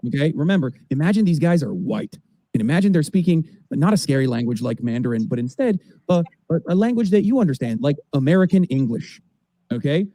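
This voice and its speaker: A man's voice: a little high, mellow, dry recording. A man in his thirties giving an emphatic, sarcastic political rant with swearing. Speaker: political streamer. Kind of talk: animated commentary rant.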